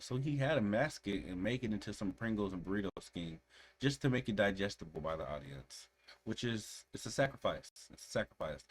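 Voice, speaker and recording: A man hosting a reaction video, giving earnest, reflective commentary and repeating phrases for emphasis. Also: lowish voice.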